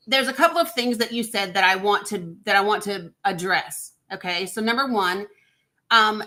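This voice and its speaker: A woman's voice: medium pitch, bright, forceful tone. A woman hosting a live call-in stream, firmly laying down rules and speaking bluntly to callers. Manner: firm, lays down rules, blunt. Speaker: host.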